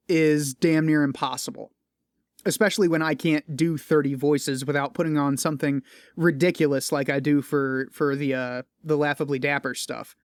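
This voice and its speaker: A man's voice: fairly high pitch, dry recording, studio quality. A man hosting a casual solo podcast, rambling and swearing often, with a weary, complaining tone. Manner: rambling and profane, with frequent restarts; tired, complaining. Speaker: podcast host.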